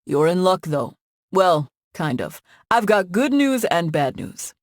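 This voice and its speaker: A woman's voice: lowish voice, sing-song, measured pace, no echo, clean studio sound. A woman voicing an easygoing, joking middle-aged man who runs a tech company, in an audiobook.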